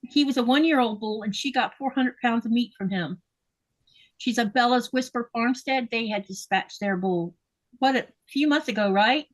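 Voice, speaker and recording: A woman's voice: on the high side, normal speed. A woman hosting a casual livestream, chatting with guests and reading viewer comments aloud. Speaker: livestream host. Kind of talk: casual live chat.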